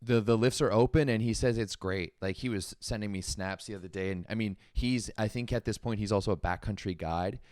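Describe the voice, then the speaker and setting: A young man hosting a podcast, chatting in a rambling, animated way with many fillers. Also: lowish voice, a little fast, hardly any pauses, no echo, clean studio sound. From Canada. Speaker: podcast host. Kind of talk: casual podcast chat.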